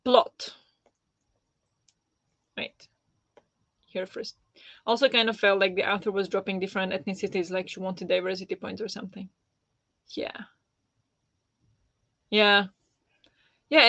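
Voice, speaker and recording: A woman's voice: mid-range voice, a bit bright, no echo, muffled recording. A woman hosting a live book club discussion, casual, blunt and sarcastic, laughing often. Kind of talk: casual live-stream chat.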